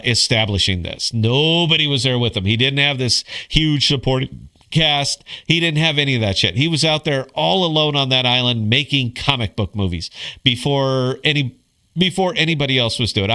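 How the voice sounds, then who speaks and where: Laid-back bright-voiced male podcast host. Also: medium pitch. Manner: laid-back, swearing, calls people bro and dude. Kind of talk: casual livestream chat.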